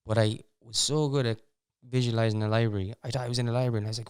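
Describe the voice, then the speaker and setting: A young Irish podcast host with a medium-pitched, clear, resonant voice talks rapidly with fairly even intonation. He tells stories in a rambling, casual style, with wry asides and frequent restarts.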